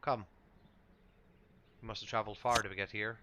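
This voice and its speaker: A man's voice: lowish voice, flat delivery, normal speed, dull audio, background noise, lightly acted. A man voicing a friendly male Vistani traveller with a folksy, deferential way of talking. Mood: welcoming.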